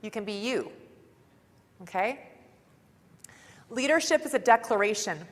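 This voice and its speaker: A woman's voice: fairly high pitch, animated, measured pace. Chatty woman speaking in a big hall. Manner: upbeat, chatty, says "like" often. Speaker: conference speaker. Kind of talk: motivational stage talk. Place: large conference hall. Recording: long reverb of a large hall.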